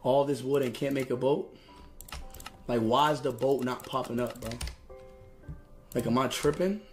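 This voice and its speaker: A man's voice: mid-range voice, moderate pace, faint music behind. A young man livestreaming a video game, ranting in frustration with heavy swearing and stammered restarts, on a headset mic. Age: young adult. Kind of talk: live gameplay commentary.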